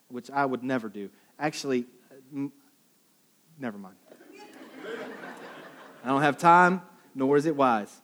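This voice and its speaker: Conversational male pastor, slightly high. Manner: storytelling, conversational, with dramatic quoted asides. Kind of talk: sermon.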